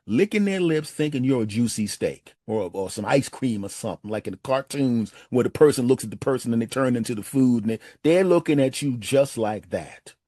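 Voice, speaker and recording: A man's voice: medium pitch, warm tone, no room sound. A man doing stand-up, telling stories in a conversational way and talking straight to the audience. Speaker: stand-up comedian. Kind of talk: stand-up storytelling.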